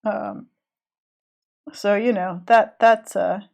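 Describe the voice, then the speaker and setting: A woman's voice: medium pitch, takes it slowly, creaky. Southern American woman drawing on stream. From Southern United States. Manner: relaxed, thinking aloud, trailing off while concentrating. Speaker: streaming illustrator. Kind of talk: casual chat while drawing on stream.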